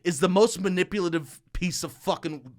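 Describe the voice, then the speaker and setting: A young man co-hosting a podcast, telling stories casually with swearing and mock shouting. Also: sits high, normal speed. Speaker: podcast co-host. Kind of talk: casual chat.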